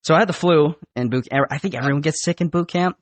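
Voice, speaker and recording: A man's voice: on the high side, quick pace, no room sound. Young man telling profane boot camp stories. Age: young adult. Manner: animated, profane, acts out drill instructors. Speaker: recent Marine recruit guest. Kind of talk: casual storytelling chat. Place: podcast studio.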